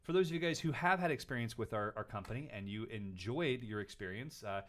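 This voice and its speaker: A man chats casually as the host of a question-and-answer show. His pitch is mid-range for a man. He tells stories with animation and jumps up high when he mimics other people. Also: expressive, a little fast, fairly bright tone. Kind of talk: casual chat.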